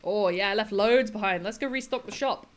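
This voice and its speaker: A woman's voice: medium pitch, fairly quick. A woman chatting casually with her live-stream viewers while she plays a building game, giggling often and answering chat between tasks.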